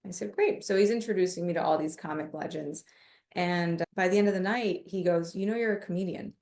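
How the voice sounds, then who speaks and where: A woman with a slightly low voice, telling stories in a relaxed interview. She is animated and brings the people she quotes to life with little voice changes. Her voice rings in a roomy space. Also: brisk. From United States. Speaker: podcast guest, comedian and mindfulness coach. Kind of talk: casual interview storytelling.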